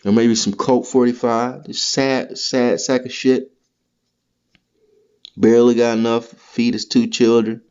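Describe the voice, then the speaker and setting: A man's voice: mid-range voice, flat delivery, unhurried, darkish tone, clear, resonant tone. A man hosting a podcast, delivering a heated, profane, rambling comedic rant. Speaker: podcast host. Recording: dull lo-fi recording.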